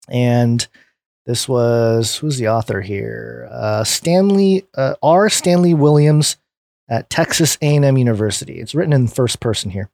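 A man's voice: medium pitch, unhurried, vocal fry, darkish tone, no echo. An American man hosting a podcast, chatting loosely with many fillers and restarts, then reading a news story aloud. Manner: rambling, lots of fillers and restarts. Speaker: podcast host.

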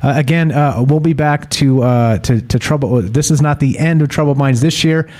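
A man hosting a radio show, chatting and thanking listeners, with many halting restarts and easy laughs. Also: medium pitch, a little mellow. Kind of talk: casual closing chat. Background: music playing.

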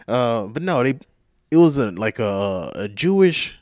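A male podcast host telling a rambling story in casual chat, profane, animated and self-mocking, sounding tired. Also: mid-range voice, moderate pace, no room sound, studio quality.

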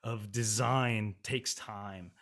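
A man, an opera singer and music writer, talking candidly as an interview guest, animated and quick to laugh. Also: on the low side. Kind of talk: casual interview conversation.

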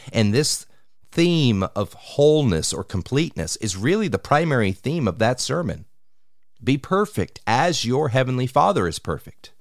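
A man preaching a sermon on scripture, measured and deliberate, slowing down to stress key words. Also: fairly low pitch, no echo, clean studio sound. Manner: measured, slows for emphasis on scripture.

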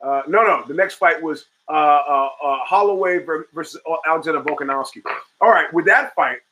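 Bright-voiced rambling male talk host. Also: fairly high pitch, normal speed, rough recording. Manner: rambling, profane, reads chat and answers it. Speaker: podcast host. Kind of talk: casual talk show monologue.

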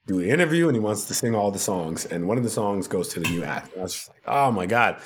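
Animated man telling a story. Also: on the low side, quick pace, crowd noise. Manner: acts out quoted voices, laughs often. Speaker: podcast guest, TV producer.

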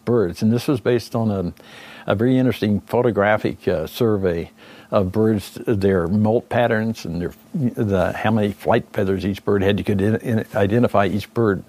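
With a fairly low, darkish voice at normal speed, an older man reflects in an interview on once leading a condor recovery team. His account drifts and doubles back, heavy on fillers and self-corrections.

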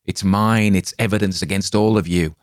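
A man's voice: deep voice, steady tone, moderate pace, no echo, studio quality, natural voice. Man putting on a panicked injured man. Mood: accusing. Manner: pleading, raised, strained.

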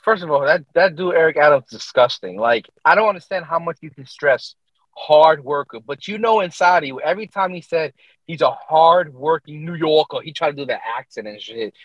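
A man's voice: on the high side, lively intonation, fairly quick, dry recording. Laughing, profane man on dull lo-fi audio. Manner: loose, laughing, profane storytelling. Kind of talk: casual podcast chat.

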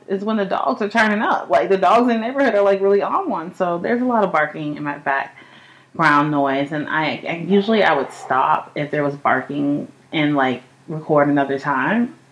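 A young adult woman hosting a casual home podcast while high, telling stories in a profane, animated way with frequent laughter. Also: normal speed, muffled recording. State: high on cannabis. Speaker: podcast host. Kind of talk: casual chat. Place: home apartment.

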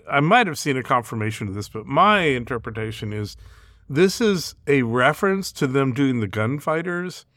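A man co-hosting a podcast in casual chat, talking in quick asides and laughing often. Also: medium pitch, a bit bright, no echo, clean studio sound. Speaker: podcast co-host.

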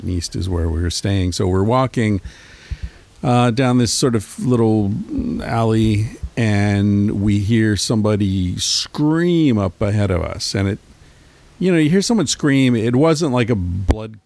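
Low gravelly middle-aged man rambling. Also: darkish tone, no echo. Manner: rambling, profane storytelling. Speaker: podcast host. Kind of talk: casual solo monologue. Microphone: handheld mic.

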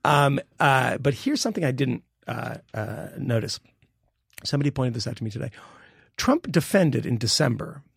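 A middle-aged man in casual political podcast chat, his voice rough with vocal fry. He rambles, then drives points home with sudden jumps in pitch. He is recorded on a close, dry mic in an average register. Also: expressive, normal speed, no echo. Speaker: podcast co-host.

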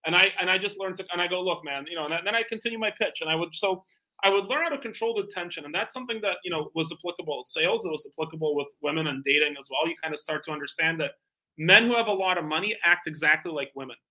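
A middle-aged man speaks quickly with a bright, forceful edge. He tells sales stories in a lively, animated way, acting out both sides of a call. His voice sits a little high for a man. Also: low-quality recording. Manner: energetic, animated, acts out phone calls. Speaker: guest, bespoke tailor and founder. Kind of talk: casual interview storytelling.

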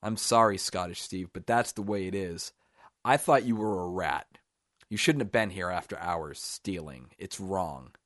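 A man's voice: measured pace, no room sound, studio quality. A man voicing a simple-minded, childlike young man who whines and pleads in a raised voice. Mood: apologetic. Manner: whiny, pleading, higher and louder.

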